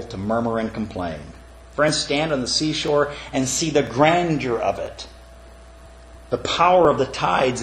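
A man preaching a sermon in an earnest manner, often calling his listeners friends. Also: medium pitch. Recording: echoey room with faint background noise.

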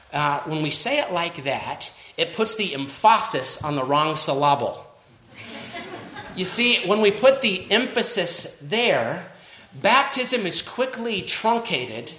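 A man delivering a sermon from the pulpit in a bright, somewhat high voice. He speaks in a measured, emphatic way and slows on the phrases he wants to land. The sound carries the echo of a church room. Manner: measured preaching with emphatic slowing on key phrases. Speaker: pastor.

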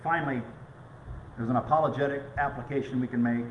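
A middle-aged pastor preaching a conversational sermon with stories. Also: male voice, mid-range voice, steady tone, fast, lo-fi sound, slight background noise. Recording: echoey room.

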